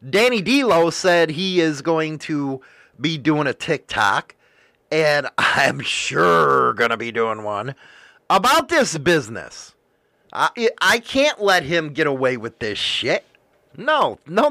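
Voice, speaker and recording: Male host, crude and profane rambling storyteller, bright voice, slow delivery. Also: fairly high pitch, no echo, clean studio sound. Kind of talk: casual storytelling.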